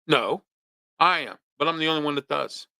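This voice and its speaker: A man's voice: on the high side, normal speed, gravelly, sharp tone, clear, resonant tone, dry recording. A man from hosting a local talk show, ranting his opinions with pointed rhetorical questions. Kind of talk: opinionated monologue.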